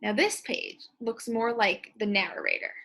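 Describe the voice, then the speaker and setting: A woman teacher explaining and demonstrating expressive reading aloud in a reading lesson. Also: mid-range voice, unhurried.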